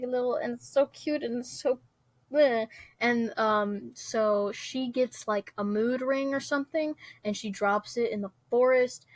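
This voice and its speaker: A young woman vlogger talking casually, her fairly high voice tumbling along with filler words and little laughs. The sound is dry and close, with no room around it. She rambles and giggles her way through. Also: no room sound. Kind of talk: casual chat.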